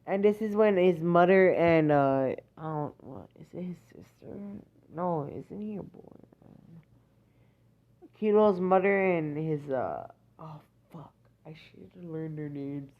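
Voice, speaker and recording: A woman's voice: low voice, takes it slowly. A woman improvising a fan-fiction story, rambling and hesitant, correcting herself often. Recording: dull lo-fi recording.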